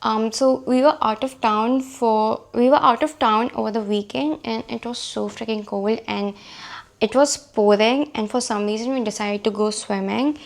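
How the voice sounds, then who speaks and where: Woman, book vlogger, hoarse, higher-pitched, casual, self-deprecating. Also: normal speed. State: hoarse from a cold. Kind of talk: casual chat about books.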